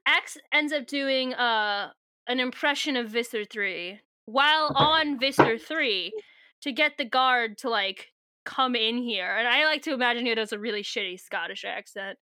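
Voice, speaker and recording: A woman's voice: fairly high pitch, measured pace, bright, forceful tone, no room sound. A young woman co-hosting a podcast in casual chat, rambling through a book recap, swearing freely and laughing often.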